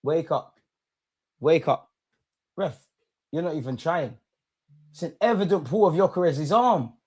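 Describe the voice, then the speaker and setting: Young guy yelling at the ref during a watch-along, a bit high-voiced, keeps saying relax. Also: a little slow, slightly rough. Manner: excitable, swears at the referee, urges calm. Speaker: football fan watch-along host. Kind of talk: live match reaction commentary.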